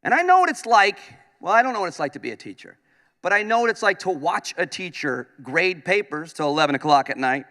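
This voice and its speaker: A man's voice: high voice, fairly quick. A man from upstate New York working as a radio host, giving a comedic speech in a large conference hall and acting out his own lines as he tells stories. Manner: animated storytelling, acts out his own lines. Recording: long hall reverb.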